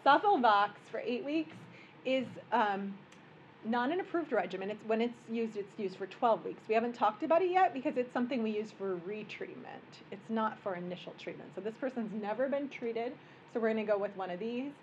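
Lady doctor giving a chatty workshop talk, bit of a high voice, faint hiss behind. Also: lively intonation, brisk, muffled recording. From American Midwest. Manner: conversational and joking, explaining plainly. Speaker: physician lecturer. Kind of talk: medical workshop lecture. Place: conference room.

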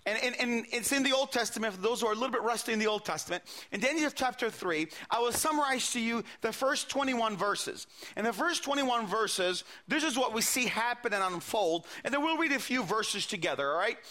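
A man's voice: very high-pitched, animated, a little fast, hardly any pauses, pushed and bright. A man preaching a sermon, retelling a scripture story with quoted dialogue and frequent repeated words.

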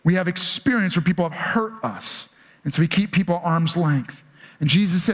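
A pastor with a high voice preaches a conversational sermon a little fast. He drops in rhetorical "right?" asides and acts out his children's pleading voices.

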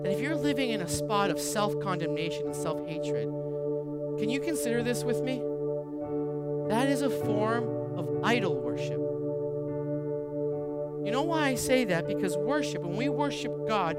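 A male pastor preaching a sermon, swinging from hushed, earnest stretches to loud, animated shouting. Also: extremely high pitch, unhurried, over loud music. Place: church sanctuary.

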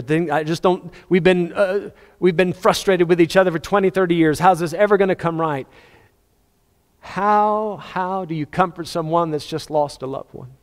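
A male preacher delivers a sermon with a fairly high voice, surging into loud, urgent appeals and then sinking into near-whispered stretches. His words ring out with a long reverb, as in a large church hall. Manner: impassioned, swinging between loud high-pitched appeals and hushed low passages.

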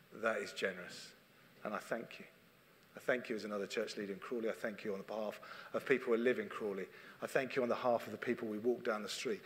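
A middle-aged church leader preaches a sermon in an earnest, conversational manner, often repeating his phrases. His voice is fairly low, and the recording carries slight background noise and the long reverb of a church hall.

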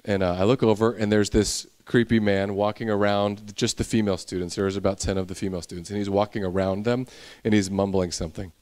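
A man's voice: fairly low pitch, steady tone, fast, hardly any pauses, darkish tone, a little hiss or hum. A young male pastor preaching a sermon, telling a personal story and building into intense preaching.

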